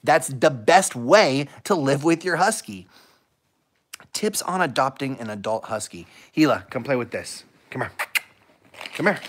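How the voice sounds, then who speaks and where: A man hosting a casual dog-training livestream, upbeat and energetic, chatting with viewers and praising his dog. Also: mid-range voice, moderate pace, slight background noise. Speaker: dog-training channel host.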